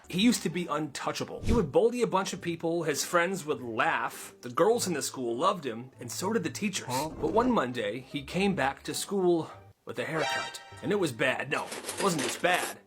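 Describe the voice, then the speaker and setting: A man's voice: on the high side, normal speed, soft background music. A man narrating short viral stories in a casual, slangy storytelling voice-over. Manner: animated, slangy.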